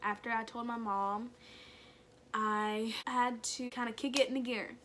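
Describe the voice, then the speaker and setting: Young woman, chatty storyteller, slightly high voice, faint background noise. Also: a little slow. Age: young adult. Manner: chatty, animated, many "like"s. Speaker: vlogger. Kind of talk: personal storytelling.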